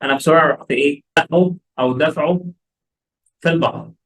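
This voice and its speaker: A man with an Egyptian Arabic accent, an English teacher who reads a simple story slowly and carefully, then goes back over the words. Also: on the high side, a bit bright, rough recording. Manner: slow, careful reading with drilled repetitions. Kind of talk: reading a graded story aloud, then explaining it.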